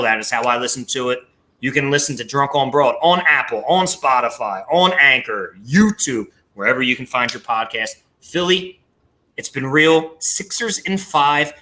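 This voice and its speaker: Lively Philly man telling a story. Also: medium pitch, moderate pace. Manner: animated storytelling, swearing freely. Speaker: podcast host. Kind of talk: casual podcast chat.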